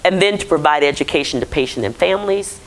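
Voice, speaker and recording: A woman's voice: low-pitched, expressive, fast talker, a little hiss or hum, poor audio. A woman physician giving a conversational conference lecture and putting questions to the audience. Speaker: physician presenting to clinicians.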